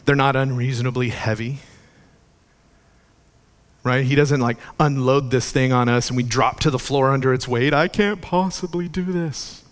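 A man's voice: mid-range voice, little pitch movement, normal speed, long pauses. A man preaching a sermon as a pastor, chatty in places and building to fervent emphasis. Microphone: podcast recording of a church sermon.

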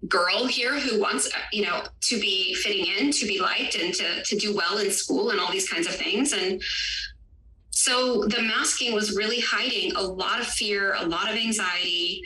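A woman hosting a podcast, speaking earnestly and haltingly with many fillers as a parent. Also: medium pitch, pushed and bright. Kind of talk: personal reflective conversation. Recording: distant echoey room, faint background noise.

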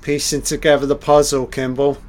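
A man's voice: medium pitch, monotone, fairly quick, a little mellow. A man giving a loose, off-the-cuff film commentary, reacting aloud and swearing at the scenes.

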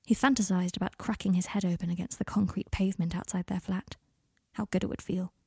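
A woman narrating a story in a soft, half-whispered delivery. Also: fairly low pitch, steady tone, a little fast, vocal fry, slightly rough, no room sound, studio quality. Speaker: story reader. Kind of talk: audiobook narration.

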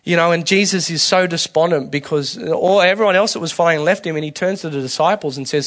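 A man preaching a conversational sermon, candid and colloquial, restarting phrases and swinging between soft and loud. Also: on the high side, quick pace. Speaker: pastor.

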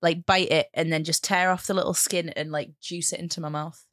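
A woman's voice: deep voice, steady tone, a little fast, a bit bright, no echo, clean studio sound. A woman co-hosting a podcast in casual chat, rambling with lots of fillers and easily amused. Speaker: podcast co-host.

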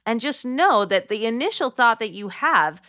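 A woman speaking at normal speed, her voice on the high side, is a guest on a podcast and works as a mom coach. She addresses "my friends" in an emphatic, direct manner and acts out quoted thoughts with lively voices.

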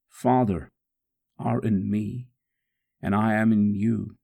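A man's voice: on the low side, gravelly, dark tone, breathy edge, exaggerated voice. A man reading aloud in the first person as a suffering man praying steadfastly through a scourging, in a solemn, prayerful way. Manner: solemn, prayerful, slow and measured.

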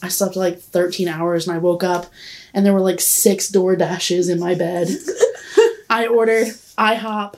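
A woman's voice: lowish voice, steady tone, measured pace, a little mellow. A young woman in her twenties telling a long story in casual chat, rambling and giggly, saying "like" constantly. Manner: rambling, giggly, heavy use of "like". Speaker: podcast guest.

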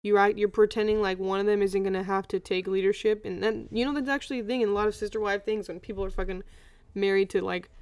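A woman's voice: mid-range voice, fairly even intonation, quick pace, darkish tone, clean tone, no room sound. A young woman co-hosting a podcast, arguing bluntly and combatively with frequent swearing. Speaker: podcast co-host. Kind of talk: heated casual discussion.

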